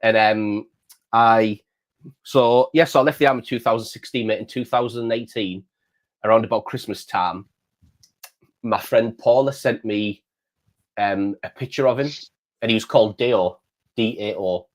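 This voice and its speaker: Rambling man, low voice. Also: moderate pace, pauses often. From England. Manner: rambling, repeats words, says "mate" often. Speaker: channel host. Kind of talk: casual storytelling chat.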